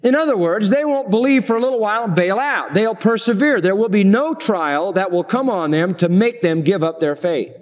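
A middle-aged man preaching a sermon, slowing down for emphasis and asking the congregation rhetorical questions. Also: high voice, animated, in a large hall.

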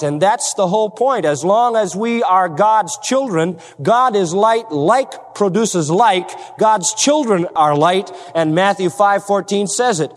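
Male preacher, high and lively voice, emphatic sermon delivery, long hall reverb. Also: a little slow. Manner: emphatic, with rhetorical questions to the congregation.

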